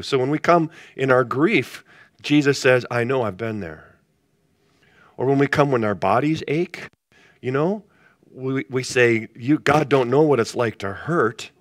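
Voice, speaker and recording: A man's voice: medium pitch, no room sound, clean studio sound. A male pastor leading a casual Bible study, talking conversationally and asking the group questions.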